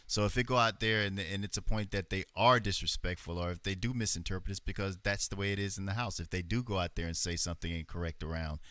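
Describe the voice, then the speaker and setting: A man with a very deep but bright, forceful voice. He talks in a measured, agreeable way and uses plenty of fillers. The sound is dry and close. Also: steady tone, clear, resonant tone, no echo. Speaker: panelist. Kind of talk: casual discussion.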